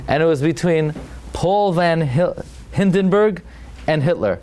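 Man, rabbi, Torah class storytelling, emphatic, dramatic, restarts, slightly high voice, Hebrew terms. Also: lively intonation, normal speed, darkish tone. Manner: sprinkles Hebrew and Yiddish terms.

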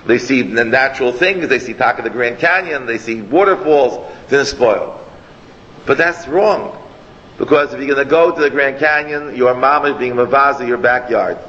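Rabbi guy giving a torah class, rambly and excited, throws in hebrew and yiddish words, dull lo-fi recording. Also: mid-range voice. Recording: long hall echo, dull lo-fi, faint noise.

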